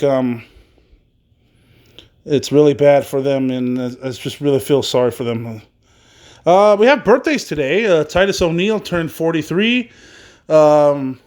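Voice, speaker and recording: A man's voice: a little high, a little mellow. A man hosting a solo wrestling podcast, reading news in a casual, rambling way with many fillers and some swearing.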